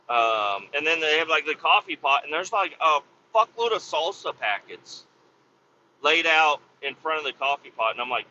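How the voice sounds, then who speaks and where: A man with a bright, piercing voice tells a profane story as a podcast host, jumping from mutters to exasperated shouts. His voice sits a bit higher than most men's. The recording is a little dull, with faint noise underneath. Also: moderate pace. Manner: animated, swears a lot, jumps into loud exasperated outbursts. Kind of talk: profane comedic storytelling rant.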